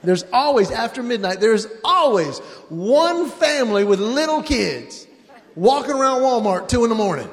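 A man's voice: very high-pitched, animated, a little slow, long reverb tail, a little hiss or hum. A man doing stand-up comedy before a live audience, animatedly telling family stories.

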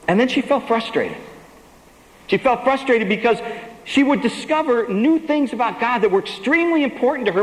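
A man's voice: high voice, echoey room, in a large hall, poor audio. A man giving a sermon testimony, telling his story with emphasis and acting out the lines he quotes.

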